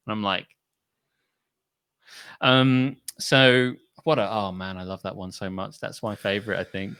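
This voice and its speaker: A man's voice: fairly low pitch, steady tone, measured pace, pauses often, pushed and bright, smooth. A man co-hosting a casual podcast, swearing freely and acting out quotes in mocking voices. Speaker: podcast co-host.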